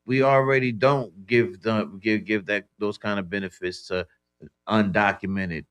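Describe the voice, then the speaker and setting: A man's voice: on the low side, steady tone, measured pace, a bit bright, clean tone. A man co-hosting a talk radio show, stumbling over repeated words and often saying "you know what I'm saying" in a loose debate.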